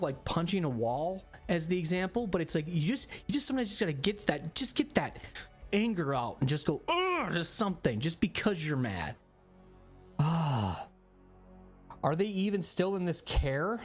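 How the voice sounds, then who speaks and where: A man streaming a game who rants to his viewers in casual chat, swearing often and rambling through an animated story. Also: on the high side.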